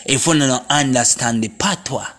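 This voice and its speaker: Forceful Jamaican man preaching. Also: medium pitch, normal speed. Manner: preachy, repetitive, speaking in Jamaican patois; forceful and confrontational. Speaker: vlogger. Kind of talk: impassioned monologue to camera.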